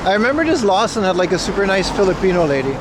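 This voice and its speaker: With a high, sing-song voice, a man talks very fast while livestreaming his walk through the city. He chats casually and responds straight to his viewers, and the street recording is noisy.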